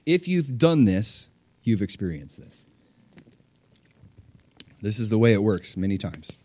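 A man preaching a sermon, retelling scripture in an animated way, swinging between hushed and loud and laughing often. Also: fairly low pitch, measured pace, slight background noise. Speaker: pastor.

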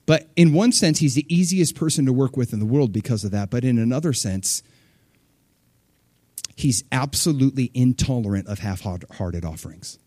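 Male pastor, middle-aged, animated sermon delivery, jumps into character voices, mid-pitched, dry close sound. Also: moderate pace, no room sound. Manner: animated, acts out voices of people and God with sudden pitch jumps.

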